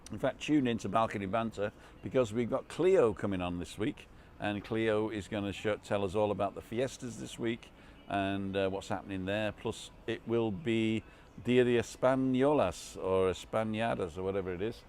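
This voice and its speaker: An older man chats loosely to his viewers from a bar terrace, circling back over his words with restarts and asides. His voice sits fairly low. Faint outdoor background noise runs under the recording. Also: normal speed, a little mellow. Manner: rambling, chatty, many restarts and asides. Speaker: live-stream vlogger. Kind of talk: casual live-stream chat reading comments.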